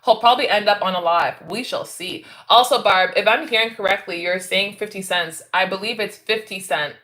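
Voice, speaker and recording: A woman's voice: medium pitch, brisk, fairly bright tone. A woman from Canada hosting a casual livestream, chatting with viewers, reading out their comments and laughing often. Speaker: livestream host reading chat.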